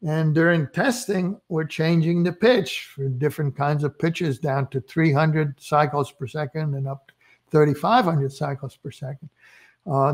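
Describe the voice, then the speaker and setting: Hesitant male lecturer, slightly high voice. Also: gravelly. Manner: hesitant, many fillers and restarts; enthusiastic about experiments, chuckles. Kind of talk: recorded lecture.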